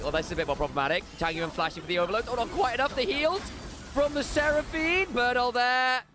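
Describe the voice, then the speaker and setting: A man doing live play-by-play esports commentary, jokey and excitable, on a headset mic. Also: a little high. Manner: excitable, jokey, rapid shifts from chatty to shouting. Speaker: esports caster.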